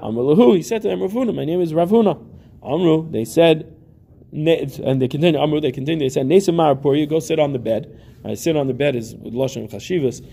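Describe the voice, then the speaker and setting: A man's voice: on the high side, quick pace, creaky, warm tone, slightly rough. A man teaching a Talmud lesson, reading each Aramaic phrase and then translating and explaining it, often repeating himself.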